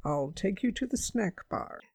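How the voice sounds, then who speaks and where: A polite, dignified father speaks calmly, as a woman reading a storybook puts him on. Her voice stays close to her own, gravelly and dry. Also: medium pitch, unhurried, dry recording, heavily acted. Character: kindly, dignified middle-aged father.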